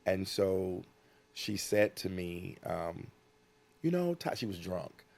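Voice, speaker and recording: A man's voice: deep voice, sing-song, takes it slowly, vocal fry, darkish tone. A man from the United States, a guest in an interview, telling a personal story earnestly and acting out what people said.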